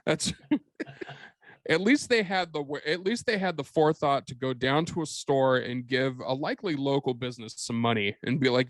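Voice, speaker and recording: A man trading jokes on a movie podcast, swearing freely and breaking into laughter. He acts out quick bits of dialogue as he goes. The recording is dry and close. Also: medium pitch, expressive, no echo. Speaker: podcast co-host. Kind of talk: casual comedic movie chat.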